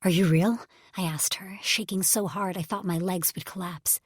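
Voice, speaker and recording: Female audiobook narrator, husky and breathy, emotional first-person reading. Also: lowish voice, steady tone, normal speed, fairly bright tone, dry recording, studio quality. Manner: emotional first-person storytelling, drops to whispers. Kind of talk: scripted narration.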